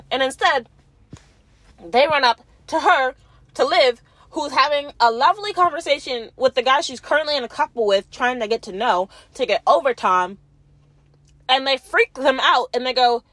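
A woman's voice: a little high, normal speed, fairly bright tone, no room sound. Young woman rambling thru a show recap, lots of likes and ums, dry close sound. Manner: chatty, filler-heavy, acts out quotes. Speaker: reality show commentator. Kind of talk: casual recap chat.

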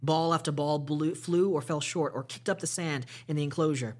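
A man reads a classic novel aloud on his podcast as storytime narration. His fairly high voice stays steady and measured apart from small slips.

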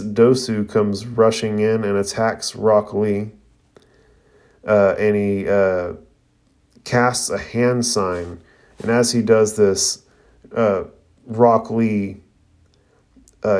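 A man's voice: on the low side, steady tone, slow pace, pauses often, a little mellow. A man reviewing an anime episode, retelling the scenes in casual recap narration. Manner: retelling scenes with "you know" and "uh" fillers.

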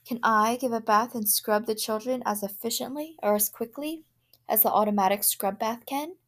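A woman's voice: normal speed, fairly bright tone, close to an everyday voice. A woman reading the part of an anxious housewife in a short story, her voice raised and pleading. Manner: tense, pleading, higher than her narration.

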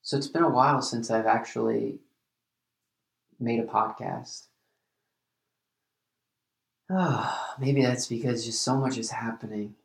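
A man hosting a solo podcast, talking earnestly and reflectively, often halting and restarting his sentences. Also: medium pitch, steady tone, vocal fry, reverberant. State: emotional at times. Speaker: podcast host.

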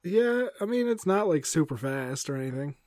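A man's voice: fairly high pitch, very animated, normal speed, a little mellow, dry recording. Hesitant, wry young man on a dry mic. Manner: hesitant, wry, trails off with fillers and laughs. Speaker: podcast co-host. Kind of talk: casual chat.

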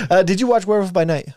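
A man's voice: medium pitch, heavy background noise. A man co-hosting a podcast, chatting casually and chiming in with short reactions. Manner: relaxed, chimes in with short reactions. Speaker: podcast co-host. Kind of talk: casual chat.

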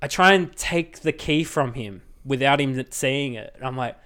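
A man co-hosting a board game podcast, telling a story in a casual, animated way and laughing often. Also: mid-range voice, normal speed. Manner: laughs often, animated retelling with acted quotes. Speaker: podcast host.

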